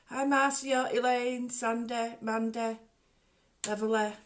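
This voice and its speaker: A woman's voice: a little high, fairly even intonation, slow. A woman hosting a casual home livestream, rambling chattily and greeting viewers by name. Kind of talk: casual live chat.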